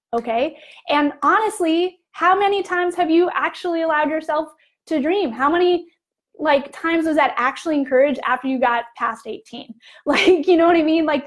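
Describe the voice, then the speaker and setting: A young adult woman life coach talking casually on a live video, chatty and animated, full of "like" and "you know". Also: high voice.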